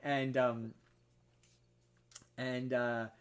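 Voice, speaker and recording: A man on a podcast, casually retelling a film plot in a rambling way with many restarts, jumping into high voices for quoted characters. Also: level tone, extremely slow, clear, resonant tone. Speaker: podcast host.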